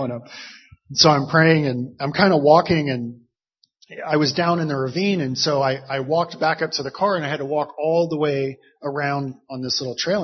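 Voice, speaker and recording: A man's voice: fairly high pitch, slightly rough. A man telling a personal story in a rambling, casual way, full of fillers and little laughs. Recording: muffled lo-fi recording.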